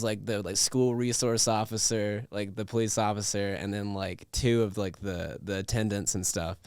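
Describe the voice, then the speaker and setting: A young man tells a story on a podcast in a casual, rambling way, full of restarts, fillers and quick laughs. His voice is smooth and clear, recorded close and dry with no room sound. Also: fairly low pitch, a little mellow, no echo. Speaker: podcast host.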